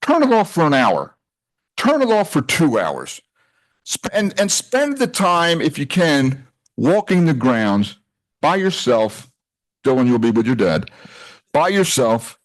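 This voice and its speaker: Rambling, chatty older man speaking to a retreat. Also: fairly high pitch. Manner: chatty, rambling, self-interrupting, jokey. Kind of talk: informal talk at a retreat. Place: retreat house hall.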